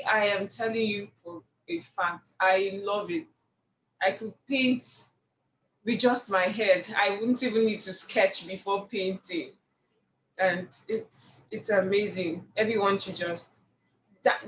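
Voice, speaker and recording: A woman, a painter guest telling her story in an animated, expressive way. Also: medium pitch, measured pace, slight background noise. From Nigeria. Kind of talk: casual storytelling interview. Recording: echoey room with faint ambience.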